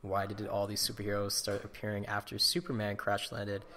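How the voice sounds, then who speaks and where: A man's voice: on the low side, completely flat delivery, a little fast, bright, forceful tone. A man co-hosting a podcast in casual chat, opinionated and ranting about what annoys him. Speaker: podcast co-host.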